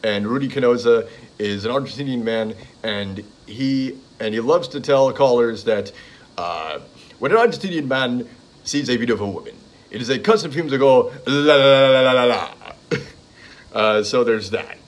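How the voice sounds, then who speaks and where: A man's voice: medium pitch, lively intonation, moderate pace. A man casually reading off a list of comedy tracks, stalling often with "uh" and "let's see" as he goes. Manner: hesitant, many "uh" and "let's see". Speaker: comedy show fan.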